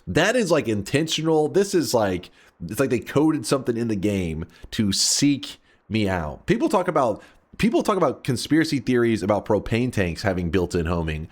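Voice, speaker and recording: Guy streaming a game, pitch jumping all over, swears a lot, mock-dramatic, casual chat. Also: big pitch swings, normal speed. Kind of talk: casual livestream commentary.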